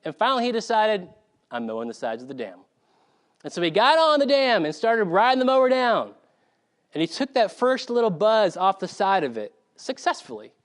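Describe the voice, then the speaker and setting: A preacher from South Carolina delivers a sermon with animated storytelling. His voice sits high for a man and swings widely in pitch, which keeps the delivery lively. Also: a little fast.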